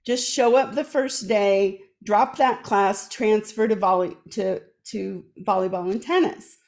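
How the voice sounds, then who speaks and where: A woman's voice: medium pitch, unhurried. A woman telling a long funny story in casual chat, acting out the voices of the people she quotes, on a video call. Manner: animated, acts out quoted voices. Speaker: guest performer.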